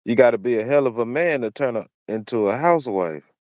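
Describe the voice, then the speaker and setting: A man's voice: mid-range voice, animated, fairly quick, darkish tone, no echo. A man giving opinionated solo commentary, repeating his points over and over in a preachy way. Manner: repeats phrases for emphasis, preachy. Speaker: commentary channel host.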